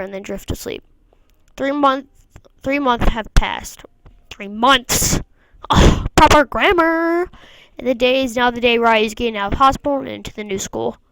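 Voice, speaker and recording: A woman's voice: a little high, fairly bright tone, clean tone, no echo, poor audio. A woman reading a visual novel aloud, mostly plain narration with the odd wry aside. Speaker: gamer.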